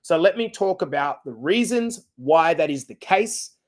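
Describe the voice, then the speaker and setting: A middle-aged man hosting a fitness podcast, coaching listeners in an energetic, direct and casual way. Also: fairly high pitch, a little slow. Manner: energetic, direct, casual and blunt with occasional swearing. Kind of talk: podcast monologue.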